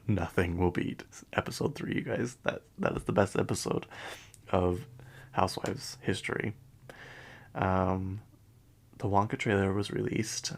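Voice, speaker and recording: Man, podcast host, gravelly voice, somewhat low, chatty pop-culture talk, hushed asides. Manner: chatty, filler-heavy, frequent hushed asides. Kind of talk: casual pop-culture commentary.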